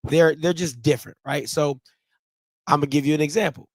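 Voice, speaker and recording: A man's voice: fairly high pitch, moderate pace, a little mellow, no echo. A man from Ohio telling a casual, slangy story to his viewers, repeating and restarting phrases as he goes. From Ohio, USA. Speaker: vlogger.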